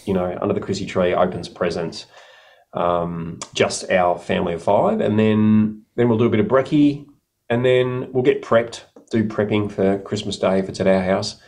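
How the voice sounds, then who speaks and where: A middle-aged man with a lowish, fairly even voice tells a long, rambling story in casual chat at a moderate pace, sounding a little mellow. He keeps restarting his sentences, correcting himself as he goes.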